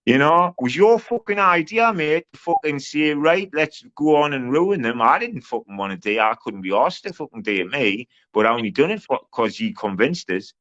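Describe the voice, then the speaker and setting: A man's voice: fairly high pitch, lively intonation, normal speed, few pauses. Sweary man on a muffled stream. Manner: loud, sweary, mimicking others. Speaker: livestream panel co-host. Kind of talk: heated livestream argument.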